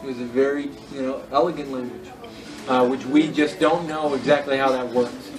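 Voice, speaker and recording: A man's voice: medium pitch, steady tone, normal speed, recorded from a distance, low-quality recording. A man teaching a Greek class in a casual lecture, correcting himself and spelling words out letter by letter.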